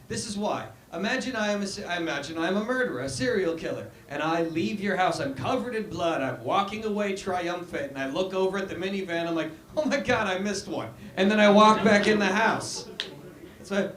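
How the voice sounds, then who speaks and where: A man in his thirties doing a halting, deadpan, self-deprecating stand-up set on a handheld mic in a small club. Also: fairly high pitch, slight background noise. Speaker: stand-up comedian. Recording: roomy live venue sound.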